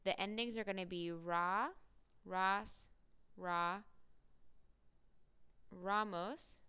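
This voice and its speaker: A woman teaching a recorded Spanish grammar lesson, explaining step by step and slowing down to drill each word form. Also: medium pitch, fairly bright tone. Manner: clear, methodical explaining with slow drilled Spanish words.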